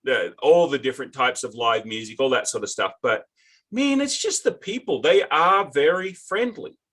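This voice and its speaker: Bright-voiced Australian man hosting. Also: mid-range voice, animated, moderate pace. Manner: chatty and jokey, fond of tangents. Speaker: podcast host. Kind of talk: casual interview chat.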